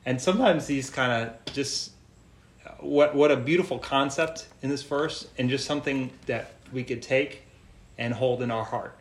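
A man preaching a sermon in a gentle, earnest way, repeating phrases for emphasis. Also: medium pitch, normal speed. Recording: echoey room, faint noise.

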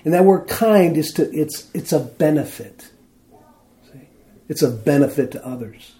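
Man preaching conversationally, warm and mellow. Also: a little high, expressive, a little slow, long pauses. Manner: conversational, asks "see?" and "isn't that something?"; reads scripture aloud with emphasis. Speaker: pastor. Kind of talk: sermon.

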